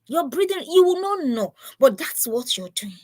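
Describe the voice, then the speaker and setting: A woman's voice: high voice, sing-song, normal speed, darkish tone, no echo. A woman giving an earnest, preachy live talk to parents, often repeating herself. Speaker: parenting speaker.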